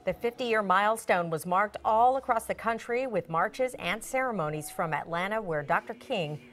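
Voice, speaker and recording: A woman anchoring TV news and reading a script in a steady, formal way. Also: medium pitch, normal speed, faint music behind.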